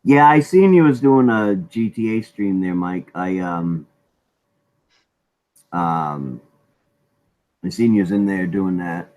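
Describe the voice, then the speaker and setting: A man's voice: sits low, lively intonation, slow, long pauses, a little mellow, rough recording. A man hosting a casual live stream chat in a laid-back way, laughing often, with a Maine accent.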